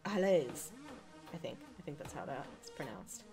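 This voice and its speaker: A woman's voice: rumbling low, animated, normal speed, creaky, over music. A young woman streaming a visual novel, chatting casually and reading the text aloud, rambling and laughing at herself. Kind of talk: casual let's-play chat and reading aloud.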